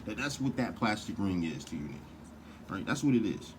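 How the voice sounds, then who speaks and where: Deep, low-pitched man for a heated, profane, rambling vlog rant. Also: very animated, normal speed, a little hiss or hum. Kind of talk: casual rant to camera.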